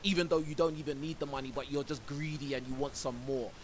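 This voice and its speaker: A man's voice: on the high side, fairly even intonation, fast talker, rough recording. A man streaming and reacting to a clip, ranting indignantly and saying "bro" a lot. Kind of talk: reaction commentary on a livestream. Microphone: own microphone. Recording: faint hiss.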